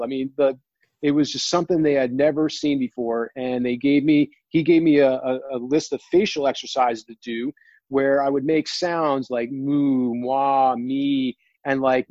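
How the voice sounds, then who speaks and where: A man earnestly telling a personal story, near tears, halting and restarting often. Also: mid-range voice, a little mellow, no room sound, dull audio. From New Jersey. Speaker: guest.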